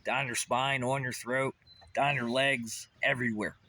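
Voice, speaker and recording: Male vlogger, mid pitch, piercing bright tone, intense rambling monologue with frequent swearing. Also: steady tone, unhurried. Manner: intense, rambling, swears often, repeats shouted questions.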